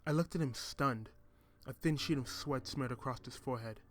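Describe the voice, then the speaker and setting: A man reading a first-person story in a measured, reflective way. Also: mid-range voice. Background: music.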